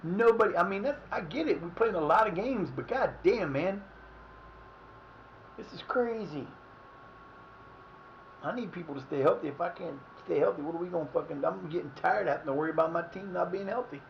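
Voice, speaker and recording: Excitable cursing man streaming. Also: high voice, fairly quick, gravelly, lo-fi sound, a little hiss or hum. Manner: swearing, exasperated, talks to himself. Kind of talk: live game commentary.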